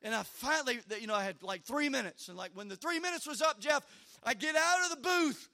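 High, bright-voiced preacher man. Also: a little fast. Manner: animated storytelling, often repeats words. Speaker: pastor. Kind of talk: sermon with personal story.

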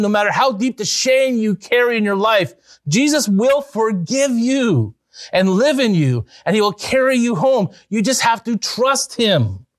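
A pastor preaches in an earnest, storytelling way, pushing into excited emphasis at key points. His male voice sits a little high. The sound is dry and close, with no room echo. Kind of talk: evangelistic sermon with storytelling.

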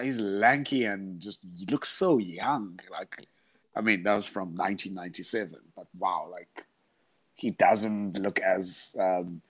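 A man with a South African accent, a podcast guest, talking in casual chat, hesitant and halting with fillers. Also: sits low.

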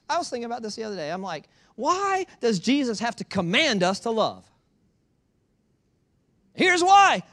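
A pastor preaching a sermon, emphatic and repetitive, asking the congregation rhetorical questions and sometimes dropping into quiet asides. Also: male voice, high voice. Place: church in Georgia.

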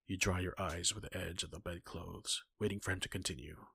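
A man reading a second-person fan-fiction story aloud in a husky, breathy, intimate voice. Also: low-pitched, fairly even intonation, brisk, few pauses, sharp tone, dry recording.

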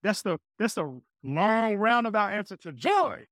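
A man guesting on a podcast, telling a personal faith story with an energetic, preacher-like delivery. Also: high-pitched, a little slow, dry recording, clean studio sound. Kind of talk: casual faith talk.

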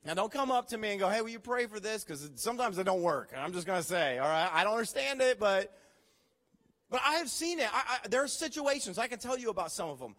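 A man preaching a sermon as pastor, telling stories with animated, acted-out reactions. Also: high-pitched, fast, in a large hall. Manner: animated storytelling, acts out his own reactions.

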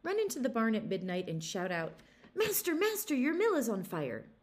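A woman voicing a stingy, gruff old farmer in a storybook reading. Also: mid-range voice, sing-song, fairly quick, slight background noise, close to an everyday voice. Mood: scheming. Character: stingy grumbling old male farmer, a miser.

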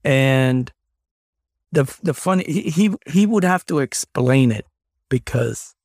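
A man's voice: medium pitch, animated, slow pace, darkish tone, dry recording, studio quality. A man co-hosting a podcast, telling a story in casual chat with many restarts and some swearing. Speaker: podcast co-host.

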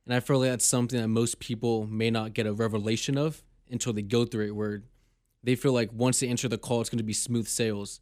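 A man's voice: medium pitch, fairly even intonation, quick pace, darkish tone. A man with a mid-range voice hosts a faith podcast. He sets up his questions thoughtfully, drawing on scripture. The sound is dry, with no room echo. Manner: thoughtful, leads with scripture before asking a question. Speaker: podcast host. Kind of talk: casual faith podcast conversation.

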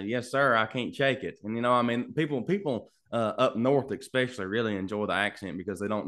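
A man's voice: on the low side, a bit bright. A young man from Kentucky with a thick Southern drawl, an easygoing, polite country singer-songwriter chatting in an interview from his home studio. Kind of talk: casual interview chat.

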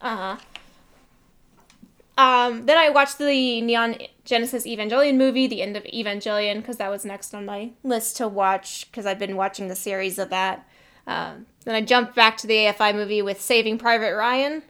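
Smooth, slightly high woman co-host. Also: steady tone, moderate pace, a bit bright. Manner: upbeat, peppered with ums and little cheers. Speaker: podcast co-host. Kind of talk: casual chat.

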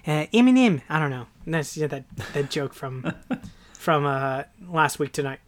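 Casual co-host, male, high register, rambling delivery. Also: moderate pace. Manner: rambling, filler-heavy, restarts. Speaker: podcast co-host. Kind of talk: casual chat.

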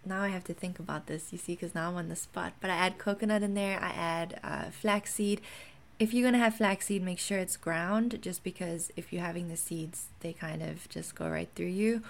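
A chatty woman with a mixed South African accent, talking casually to her viewers. Her voice sits a little low, and she rambles along with plenty of ums and small restarts. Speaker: wellness content creator. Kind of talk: casual vlog talk.

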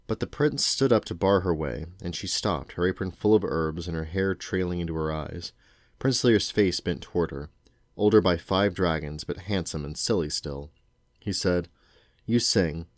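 A man reading a novel aloud to his children in a steady, unhurried way. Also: low voice, dry recording, clean studio sound.

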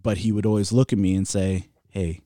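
Low-voiced laid-back male storyteller. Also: steady tone, fairly quick, warm tone, no room sound, clean studio sound. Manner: laid-back storyteller, swears, laughs at his own stories. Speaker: podcast co-host. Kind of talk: casual storytelling chat.

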